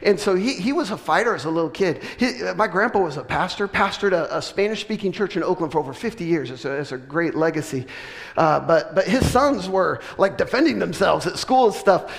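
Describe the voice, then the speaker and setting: A middle-aged man preaching a sermon, telling a funny family story with laughs, then building to loud, emphatic preaching. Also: sits high, a little fast, gravelly. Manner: animated, joking, with laughs and sudden loud preaching. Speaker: pastor. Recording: long reverb of a large hall.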